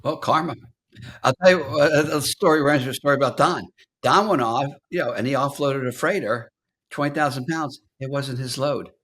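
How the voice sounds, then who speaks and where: A man being interviewed, talking casually in a relaxed manner and chuckling now and then. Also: mid-range voice. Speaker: interview guest. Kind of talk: casual conversation.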